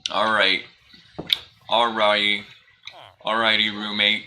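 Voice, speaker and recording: A man's voice: lowish voice, takes it slowly, a little hiss or hum, rough recording. A young man chatting casually on a live game stream, rambling and questioning himself, with frequent laughs. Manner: rambling, self-questioning, animated, laughs often. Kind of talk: casual live-stream chat while gaming.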